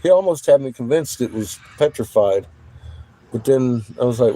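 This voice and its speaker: A middle-aged man rambling excitedly and profanely in a casual monologue, showing off rocks from inside an RV. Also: medium pitch, normal speed.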